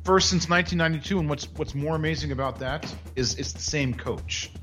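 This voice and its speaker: A man's voice: a little high, brisk, fairly bright tone, faint music behind. A man co-hosting a casual podcast, telling a news story with mocking sarcasm. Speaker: podcast co-host. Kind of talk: casual chat.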